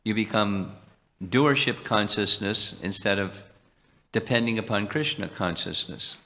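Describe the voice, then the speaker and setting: A man's voice: fairly low pitch, a little slow, sharp tone. A man leading a devotional class, taking questions and explaining with quoted Sanskrit verses. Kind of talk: devotional teaching and Q&A. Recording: reverberant lecture hall.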